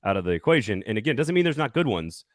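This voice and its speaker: A man's voice: on the low side, sing-song, fast, no echo. Man, sports show host, upbeat and jokey, dry close sound. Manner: upbeat, laughs often, jokey. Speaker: podcast host. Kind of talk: casual sports talk and sponsor reads.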